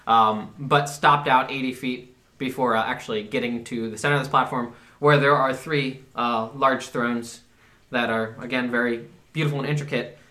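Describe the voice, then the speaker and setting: Bright-voiced male game master. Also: mid-range voice, steady tone, moderate pace. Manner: hesitant, many fillers. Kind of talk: narrating a tabletop game.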